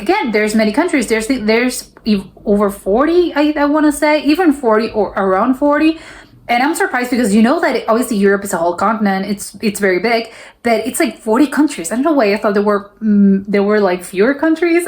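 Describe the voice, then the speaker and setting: A young woman from South America talks through her reactions in a casual, chatty way. Her voice sits at a middle pitch for a woman, and she trips over her words and fills gaps with "like" as she goes. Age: young adult. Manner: chatty, animated, many restarts and fillers like "like". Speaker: reaction video host. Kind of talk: casual chat reacting to a video.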